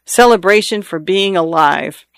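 A man's voice: high voice, measured pace, vocal fry, a bit bright, clean tone, dry recording, heavily acted. A man reading a woman's lines in an audiobook, lifting his voice slightly for her light, teasing speech. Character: warm, playful grown woman sharing drinks.

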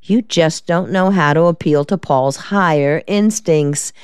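A woman reading the part of a quick-witted, sassy young female secretary in an audiobook, with a wry drawl. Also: low-pitched, smooth, no room sound, studio quality.

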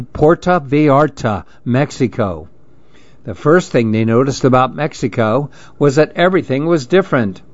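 A man narrating a children's story in a calm, measured reading. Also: mid-range voice, no room sound. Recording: dull lo-fi dry recording.

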